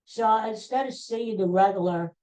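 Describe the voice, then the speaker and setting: A woman's voice: medium pitch, moderate pace, darkish tone, low-quality recording. A middle-aged woman hosting her own podcast, chatting casually and rambling through stories with restarts and asides, giving blunt sports opinions. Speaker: podcast host. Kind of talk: casual solo podcast chat.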